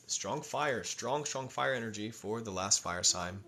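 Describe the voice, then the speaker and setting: A man hosting a livestream tarot reading, reading cards slowly and softly, then turning loud and laughing with casual swearing. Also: fairly low pitch, expressive, slight background noise. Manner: swings from soft, slow reading to loud, laughing, profane outbursts.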